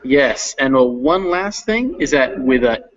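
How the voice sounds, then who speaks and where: Male tutor, patient pronunciation coach, slow delivery, muffled video-call sound. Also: medium pitch, lively intonation. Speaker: teacher. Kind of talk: online reading lesson.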